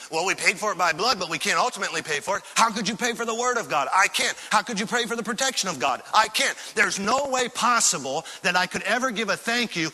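A man preaching a sermon as pastor of a church, talking with animated enthusiasm and firing off repeated rhetorical questions. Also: high voice, in a large hall, low-quality recording. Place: church sanctuary.

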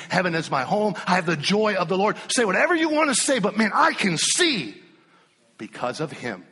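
A male pastor preaching an animated, emphatic sermon to his congregation in a church. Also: a little high, breathy edge, long reverb tail.

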